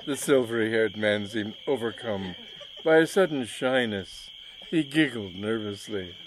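A man reading a comic story aloud in a measured, wry narrating voice. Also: lowish voice, lively intonation, a little hiss or hum, rough recording.

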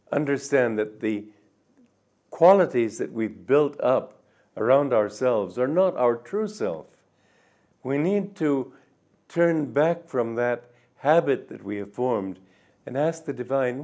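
Older guy, spiritual teacher, musing gently, mid-pitched voice. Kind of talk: reflective spiritual talk.

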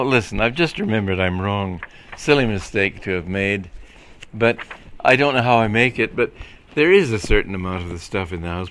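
A man voicing a fawning middle-aged film mogul who coaxes and flatters in a quick, ingratiating way. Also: lowish voice, a little hiss or hum. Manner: coaxing, fast, ingratiating.

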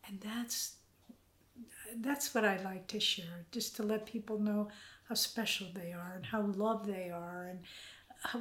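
An older woman gently and earnestly telling a personal spiritual story in an interview, at times dropping to a whisper. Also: medium pitch. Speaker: interviewee, spiritual community member. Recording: roomy echo.

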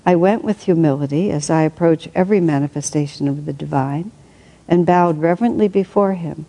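A woman reading aloud from a spiritual book and adding her own reflective commentary, thinking aloud with soft laughs. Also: low-pitched, a little fast, rough recording.

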